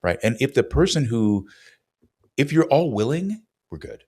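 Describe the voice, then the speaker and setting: A man's voice: mid-range voice, big pitch swings, moderate pace, dark tone, husky. A man from Los Angeles, a podcast guest, talking in an emphatic way with punchy short lines. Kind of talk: casual interview chat.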